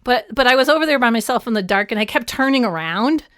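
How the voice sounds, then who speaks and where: Chatty woman guest, a bit high. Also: expressive, fast, fairly bright tone, dry recording, clean studio sound. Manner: chatty, many "like" fillers, wry. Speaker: podcast guest. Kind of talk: casual conversation.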